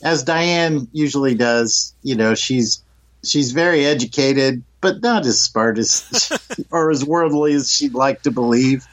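A man co-hosting a podcast, chatting in a relaxed way and thinking aloud about favorite moments. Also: mid-range voice, measured pace. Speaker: podcast co-host. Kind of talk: casual chat reviewing a sitcom episode. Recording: dull lo-fi sound.

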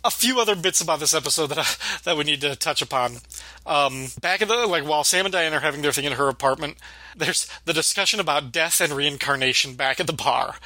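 A man co-hosting a casual chat about a sitcom, relaxed, often laughing and quoting characters. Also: a little high, fast talker, dry recording. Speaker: podcast co-host.

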